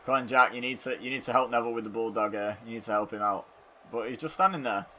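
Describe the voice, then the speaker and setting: A man's voice: medium pitch, quick pace, slight background noise. A young man with a Salford accent, the host of a gaming channel, giving chatty, rambling commentary over a video game wrestling match. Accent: Salford, Greater Manchester. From England. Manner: chatty and animated, rambling asides.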